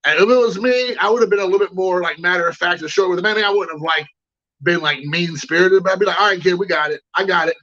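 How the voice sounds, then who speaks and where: A man's voice: high-pitched, quick pace, sharp tone, dull audio. A man hosting a collecting show, telling a rambling anecdote in casual chat and greeting viewers. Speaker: card collecting show host.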